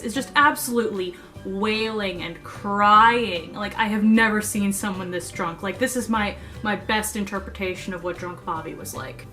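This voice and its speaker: A woman's voice: mid-range voice, pushed and bright. A young woman vlogger telling a story to camera in a playful, self-mocking way.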